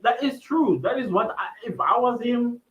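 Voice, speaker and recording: A man's voice: very high-pitched, moderate pace. A young South African man hosting a livestream, chatting casually and reading viewer comments aloud with frequent laughter. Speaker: livestream host. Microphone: computer mic on a live stream. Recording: slightly dull lo-fi stream audio.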